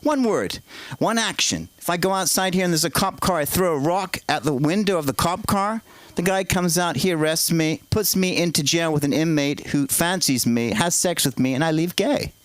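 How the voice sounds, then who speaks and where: A man doing stand-up at an open mic, rambling through absurd stories in a deadpan way on a comedy club stage. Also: on the high side, moderate pace, no echo, low-quality recording.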